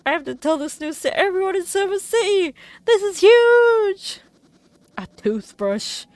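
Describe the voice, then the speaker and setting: A woman voicing a curious, excitable male game character who fusses over dirty stones, reading the lines in a soft, hushed, earnest way. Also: extremely high pitch, a little slow, dry recording, pitched above the performer's own voice, full character voice. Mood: excited. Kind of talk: reading game dialogue aloud.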